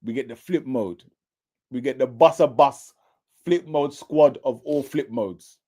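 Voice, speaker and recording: A man's voice: medium pitch, measured pace, mellow, breathy edge. A man, co-hosting a casual TV recap chat in a playful, teasing way. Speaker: co-host.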